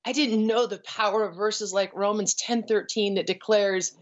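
A middle-aged woman shares her story as a guest, earnest and emotional, with frequent pauses. Her voice sits in a middle pitch, and the audio is dull and lo-fi. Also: steady tone. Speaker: guest, ranch founder. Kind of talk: personal testimony.

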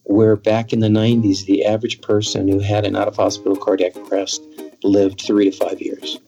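A man's voice: on the low side, flat delivery, a little fast, mellow, lo-fi sound, faint music behind. A man as a guest in an interview, talking in an earnest storytelling way and acting out quoted dialogue. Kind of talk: conversational interview.

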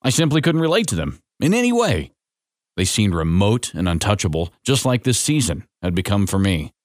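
Low-voiced man reading a story. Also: normal speed, no room sound, studio quality. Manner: gentle, reflective, expressive. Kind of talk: scripted story narration.

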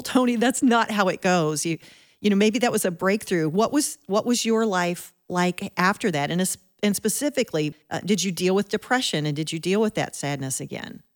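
A woman interviewing a guest, asking thoughtful questions in a gentle manner. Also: fairly low pitch.

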